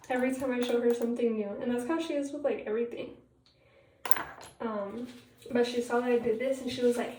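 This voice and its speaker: A woman's voice: fairly high pitch, fairly even intonation, brisk, warm tone, a little hiss or hum. A teenage girl chatting casually while getting ready, rambling with lots of fillers and retelling what others said. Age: teens. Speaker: vlogger. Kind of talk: casual get-ready-with-me chat. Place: home bathroom. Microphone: tablet propped a little far away. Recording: echoey bathroom, mic at a distance.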